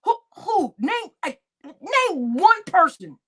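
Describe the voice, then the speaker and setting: Animated high-voiced woman stream host. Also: slow pace. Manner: animated and exclaiming, laughs often. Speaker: live-stream host reacting to clips. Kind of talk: casual live-stream reaction chat.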